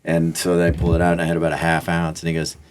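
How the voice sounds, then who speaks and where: A man with a very low voice chats casually as a podcast guest. He tells stories in a laid-back way and gets animated when he imitates the people in them. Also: very fast. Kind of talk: casual chat, storytelling.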